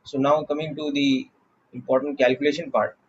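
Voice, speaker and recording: A man with an Indian English accent teaching a physics class, explaining slowly and checking in with "okay" often. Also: mid-range voice, flat delivery, highs cut off, a little hiss or hum. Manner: slow, deliberate explaining with frequent "okay" checks. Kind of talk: classroom lecture.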